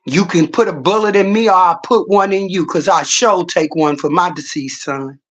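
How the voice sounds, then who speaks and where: A woman's voice: on the low side, moderate pace. A middle-aged woman livestreaming, telling stories in a blunt, profane, casual rant.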